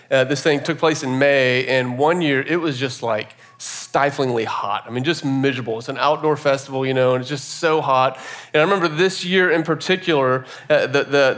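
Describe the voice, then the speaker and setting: Earnest storytelling man, slightly high voice. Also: fairly bright tone. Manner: casual and earnest, with frequent "like" and "you know". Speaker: speaker sharing a personal story. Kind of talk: conversational storytelling with a faith lesson.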